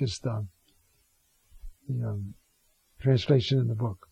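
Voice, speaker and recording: A man's voice: mid-range voice, unhurried, vocal fry, pauses often, warm tone, breathy edge, dry recording. A man teaching on a Bible reading in a conversational, digressive homily style, often saying "you see". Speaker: priest teaching on scripture. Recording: dull lo-fi close mic, dry.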